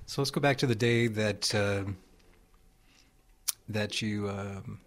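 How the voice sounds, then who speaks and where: A male interviewer gently prompts his guest with questions. His voice sits a bit low. He pauses with fillers before he gets each question out.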